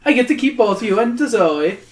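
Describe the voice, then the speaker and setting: A podcast reader voicing a sly, greedy tiny male troll in a high, giggly, wheedling voice. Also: lively intonation, normal speed, a little hiss or hum, lightly acted. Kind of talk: character voice while reading a gamebook aloud. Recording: roomy echo.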